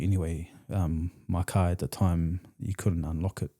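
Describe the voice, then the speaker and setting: A man's voice: low voice, flat delivery, normal speed, warm tone. A man from New Zealand with a New Zealand accent, a podcast guest telling his story in a blunt, profane, slangy way. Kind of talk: candid storytelling in conversation.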